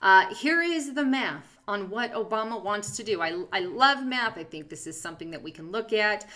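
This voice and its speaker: A woman's voice: mid-range voice, expressive, moderate pace, sharp tone. A young woman commenting on political documents she scrolls through on screen, emphatic and sarcastic, with fillers and slips.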